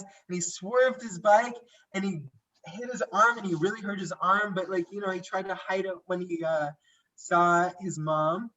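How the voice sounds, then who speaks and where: A man's voice: high-pitched, fairly bright tone, distant mic. A young man, a podcast guest, telling a personal story in a casual, rambling way, full of "like" and restarts. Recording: dull lo-fi audio.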